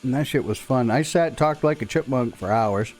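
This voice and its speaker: A man's voice: mid-range voice, moderate pace, darkish tone, faint music behind. A man hosting a casual live stream from a workshop, rambling and joking and laughing often.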